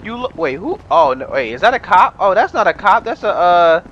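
A young man casually commenting on his own gameplay, rambling and profane, breaking into excited shouts. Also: sits high, a little fast, highs cut off. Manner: rambling, profane, bursts into excited yelling and laughter. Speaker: gamer narrating his gameplay. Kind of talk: casual let's-play commentary. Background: game music and sounds.

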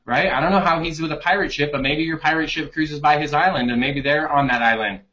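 A man joking and riffing in a casual chat, playing up a mock sales pitch over a video call. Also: fast, pushed and bright. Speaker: co-host marketing leader. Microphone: webcam on a video call. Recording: dull lo-fi video-call audio.

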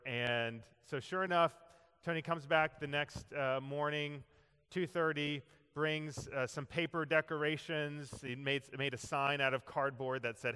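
A man preaching a sermon, an animated storyteller who acts out the voices of the people in his story. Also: mid-range voice, unhurried, clear, resonant tone. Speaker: pastor. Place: church sanctuary. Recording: long reverb of a large hall.

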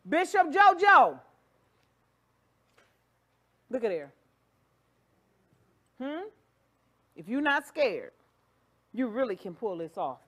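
Woman doing a wig demo livestream, kinda high voice, playful, hyping folks up. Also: sing-song, takes it slowly, pauses often. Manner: playful, sings and jokes, hype catchphrases. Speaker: wig shop host.

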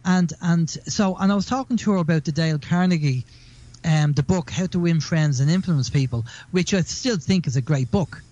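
A man's voice: a little high, moderate pace, a little mellow, muffled recording. A man hosting a radio show, chatting casually and rambling through stories with repeated words.

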